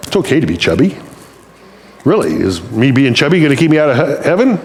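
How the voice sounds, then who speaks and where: A man's voice: mid-range voice, big pitch swings, fairly quick, darkish tone. A male pastor giving a conversational, humorous sermon and acting out little quotes.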